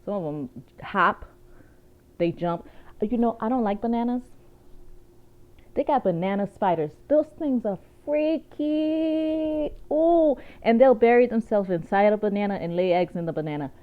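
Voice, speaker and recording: A woman chatting casually to her viewers, telling lively stories with plenty of asides. Her voice sits at an ordinary middle pitch. The recording sounds a bit dull and lo-fi. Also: moderate pace. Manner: chatty, animated storytelling with laughs and asides. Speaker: vlogger. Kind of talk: casual chat.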